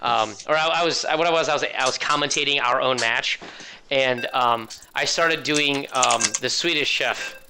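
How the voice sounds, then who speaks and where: A man's voice: medium pitch, normal speed, bright, forceful tone, slight background noise. A man casually commentating a video game, joking and rambling, often restarting his sentences.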